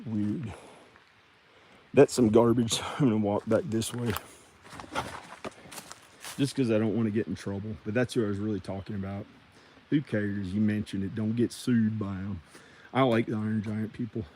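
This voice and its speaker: A man rambling and joking casually to viewers as he clears out old junk. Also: on the low side, steady tone, moderate pace, pauses often, dark tone, slight background noise. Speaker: video creator.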